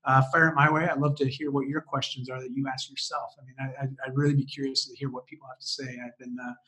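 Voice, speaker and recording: A man talking as a podcast guest and coach, enthusiastic and quick to laugh as he shares advice. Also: mid-range voice, level tone, sharp tone. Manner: enthusiastic, fired up, laughs often. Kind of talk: animated interview conversation.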